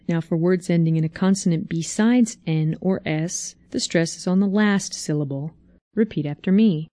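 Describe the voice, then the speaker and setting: A woman reading a scripted language lesson in a slow, clear, deliberate teaching voice. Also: lowish voice, dark tone, no room sound. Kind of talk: scripted instructional narration.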